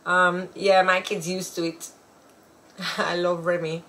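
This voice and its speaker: A woman's voice: lowish voice, level tone, takes it slowly, a bit bright. A woman, co-hosting a casual chat show and telling stories with frequent laughter. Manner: chatty, laughing storyteller. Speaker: podcast co-host.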